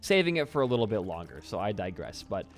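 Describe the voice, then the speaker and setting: A man's voice: on the low side, very animated, quick pace. A young man giving casual gameplay commentary, rambling and self-deprecating, swearing often. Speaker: gaming YouTuber. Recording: faint background music.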